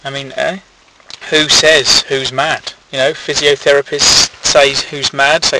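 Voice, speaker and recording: A man's voice: medium pitch, level tone, a little slow. Guy rambling goofy, sounds far off, noisy. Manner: silly, rambling, playful. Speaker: comedy podcast host. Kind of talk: rambling comic monologue.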